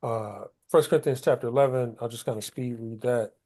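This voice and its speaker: A man's voice: medium pitch, a little fast, warm tone. A man leading a Bible study, explaining scripture in loose, colloquial everyday talk. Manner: colloquial, paraphrases scripture in casual street talk. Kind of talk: conversational Bible study teaching.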